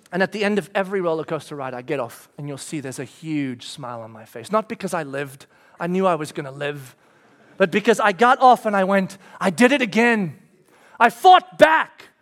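A male pastor delivering a sermon in a high-pitched voice. He tells stories with big swings, shouting out his own panicked thoughts, then sinks to a hushed, intense hush on solemn points. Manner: animated storytelling, acting out his own panicked inner voice with sudden shouts.

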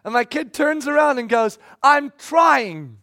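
High-voiced pastor in his forties. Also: normal speed. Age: 40s. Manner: animated storytelling, bursts into shouting when acting out scenes. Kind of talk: sermon with personal story.

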